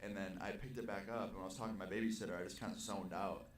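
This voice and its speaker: Young man, lower voice, casual storytime vlog, lively swearing delivery, echoey room, distant and faintly noisy playback. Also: very fast. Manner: animated, profane storytelling. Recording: roomy, distant video playback with faint noise.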